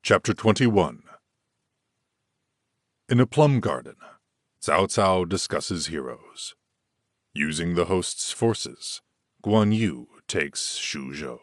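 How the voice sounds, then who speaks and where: A man's voice: lively intonation, takes it slowly, no echo, clean studio sound. A man narrating a classic historical novel as an audiobook, raising his voice for the characters' lines. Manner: lifts pitch and volume for quoted characters. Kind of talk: scripted dramatic narration.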